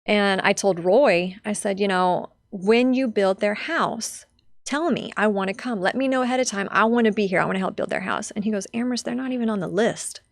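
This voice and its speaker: A woman's voice: mid-range voice, moderate pace, no echo, clean studio sound. A young adult woman telling a personal story as a podcast guest, heartfelt and chatty with lots of fillers.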